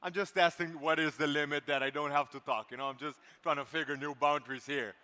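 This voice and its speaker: High-voiced lively male event host. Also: fast. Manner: energetic, playful crowd banter. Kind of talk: live stage hosting. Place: large conference hall. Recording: long hall reverb.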